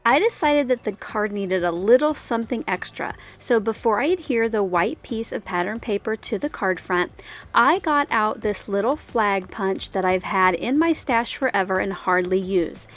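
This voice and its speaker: A woman's voice: mid-range voice, lively intonation, moderate pace, faint music behind. A woman hosting a card-making tutorial, explaining each step in a chatty, casual voice-over. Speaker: card-making channel host.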